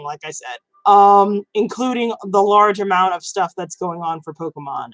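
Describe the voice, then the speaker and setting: Casting note: woman gaming vlogger, mid pitch, rambling casual delivery full of ums and restarts, dry close recording. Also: dry recording, rough recording. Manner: rambling, many fillers and restarts. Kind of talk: casual chat.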